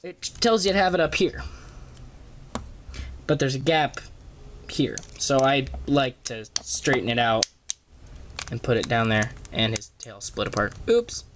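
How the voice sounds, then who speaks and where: A man reviewing a toy in a slow, unhurried way, stopping often to correct himself and filling gaps with ums. His voice sits at an ordinary middle pitch, and a steady noise hum runs under the home recording. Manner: halting, many fillers and self-corrections. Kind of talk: casual toy review and transformation walkthrough. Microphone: camera on a small tripod.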